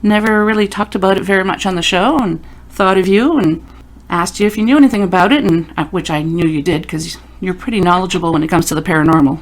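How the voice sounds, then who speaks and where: Quoted asides run through the stories this woman tells as host of a paranormal podcast. Her casual interview chat comes at a quick pace in a fairly low-pitched voice.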